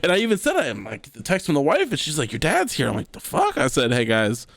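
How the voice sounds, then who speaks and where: A man's voice: mid-range voice, wildly swooping pitch, fast talker, a bit bright, dry recording, clean studio sound. A young man hosting a podcast in casual chat, joking with mock-formal asides. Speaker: podcast host.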